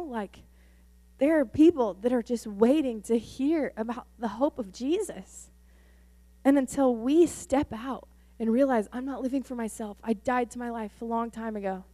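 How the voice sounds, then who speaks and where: A young woman pastor preaching a sermon and telling a testimony, excitable, rising into exclamations. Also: fairly high pitch, dry recording.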